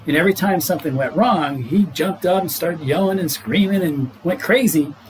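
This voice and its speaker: A man's voice: on the high side, moderate pace, slight background noise, poor audio. A middle-aged man, a doctor guest on a podcast, explaining health matters in an earnest, casual way and laughing easily.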